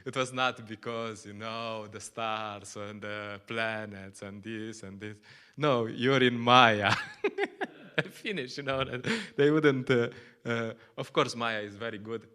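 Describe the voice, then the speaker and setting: A man's voice: fairly low pitch, steady tone, unhurried, few pauses, a bit bright, clear, resonant tone. A man with Slovenian as his first language giving a conversational scripture class in English, often laughing and acting out little quotes. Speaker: lecturer at a temple.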